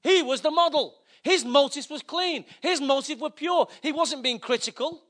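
A man delivers a sermon in an easygoing, humorous manner, often turning to the congregation with asides. His voice sits very high for a man, bright and forceful. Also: normal speed, few pauses. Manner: conversational, joking preaching with asides to the audience. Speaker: preacher.

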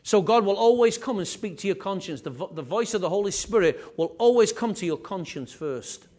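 Guy preaching, high voice, punchy repeats, chatty asides. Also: brisk. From England. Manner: animated preaching with repetition and asides. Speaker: pastor. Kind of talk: sermon.

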